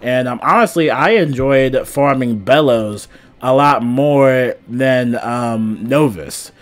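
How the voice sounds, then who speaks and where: A young man talks casually to his viewers about a game he plays. He rambles, piling up fillers and restarting his sentences. His voice sits at an ordinary, middle pitch. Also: slow. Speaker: gaming YouTuber. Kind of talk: casual gaming news chat.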